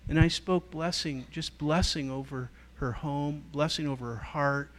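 A man's voice: on the high side, measured pace, slight background noise. A middle-aged man speaks as a guest teacher at a church gathering. He tells stories with lots of life, leaning into quoted voices and changing his delivery as he goes. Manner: storytelling, animated, acts out quoted voices. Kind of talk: teaching talk to a church group.

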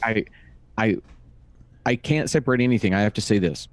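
Talking from his home recording room, a male co-host in his fifties trades stories in a casual chat full of dry, wry humor. His pitch runs on the low side, his pace is fairly quick, and there's no room sound.

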